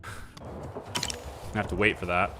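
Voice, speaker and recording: A man's voice: deep voice, little pitch movement, slow, background noise. A man streaming a game, chatting and joking as he thinks aloud through his moves. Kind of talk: casual let's-play commentary. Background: game music.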